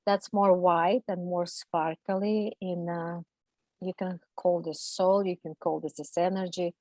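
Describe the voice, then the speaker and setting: A woman, a guest on an interview show, telling a personal story in halting, emotional, non-native English, full of fillers and restarts. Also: lowish voice, fairly even intonation, darkish tone, no room sound, low-quality recording.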